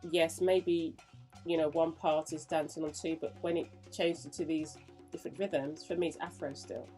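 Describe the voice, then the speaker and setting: A woman hosting a dance interview, asking thoughtful, measured questions. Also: deep voice, steady tone, dark tone, soft background music. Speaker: host. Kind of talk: casual interview.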